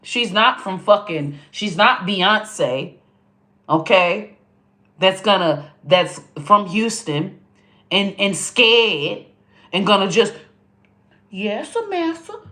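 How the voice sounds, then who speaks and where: Bright-voiced woman, slow talk. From American South. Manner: animated, profane, swings into high squealing put-on voices. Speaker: host. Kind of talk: casual commentary.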